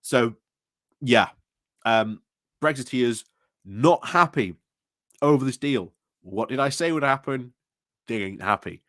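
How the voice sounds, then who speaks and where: A man's voice: mid-range voice, slow, pauses often, a bit bright, no echo, studio quality. A man giving opinionated video commentary in a sarcastic, rambling way, chuckling at his own points. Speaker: political commentator.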